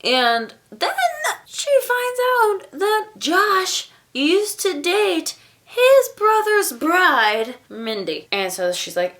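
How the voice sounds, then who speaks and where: A woman's voice: mid-range voice, big pitch swings, unhurried, pushed and bright. A young woman giving a casual, rambling book review, with jokey asides and little quoted voices.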